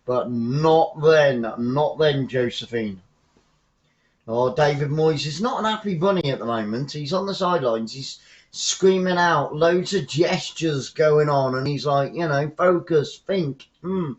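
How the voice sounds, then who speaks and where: A man hosting a live fan stream from home, giving casual football commentary with chatty, rambling asides that turn excitable when the play heats up. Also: on the high side, measured pace, lo-fi sound. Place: at home, watching the match remotely.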